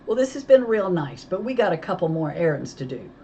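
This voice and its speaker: A sneering woman deputy who bullies and demands answers, as a woman reading a storybook puts her on. The voice sits low and the recording is a little dull, with faint noise behind it. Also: sing-song, a little fast, warm tone. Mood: mocking.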